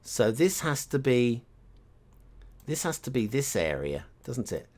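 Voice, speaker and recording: A man's voice: medium pitch, very animated, measured pace, darkish tone. A man thinking aloud as he plays a geography guessing game, musing and hesitant, talking half to himself with clicks and typing behind him. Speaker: game streamer. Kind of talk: thinking aloud while playing.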